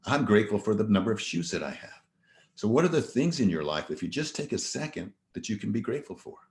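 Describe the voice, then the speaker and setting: A man with a very low voice giving an earnest motivational talk, mixing personal stories with rhetorical questions. His voice rings a little in an echoey room. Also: sing-song, quick pace, darkish tone. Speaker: motivational speaker. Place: virtual event presentation.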